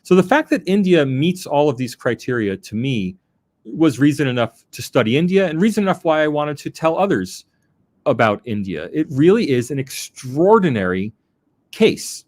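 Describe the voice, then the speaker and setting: Male scholar being interviewed; deliberate, stresses key words, animated pitch. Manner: measured, emphatic, with restarts and stretched words. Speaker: academic guest. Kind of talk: interview answer, lecturing.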